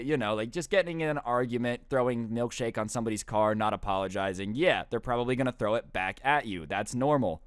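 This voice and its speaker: A young man casually telling a storytime tale, animated and full of "like" and "bro", acting out what people said. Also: medium pitch, brisk, few pauses, clean tone, no echo, clean studio sound. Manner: animated, lots of "like" and "bro", acts out quotes. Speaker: storytime YouTuber.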